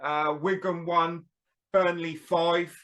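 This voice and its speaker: Male host, chatty, high and bright tone. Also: flat delivery, takes it slowly. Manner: chatty, running the running order. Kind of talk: hosting a casual panel chat.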